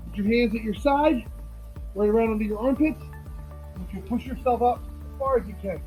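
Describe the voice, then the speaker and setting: A woman fitness instructor calmly explaining and guiding a stretching cool-down. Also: a little high, moderate pace, faint music behind, poor audio.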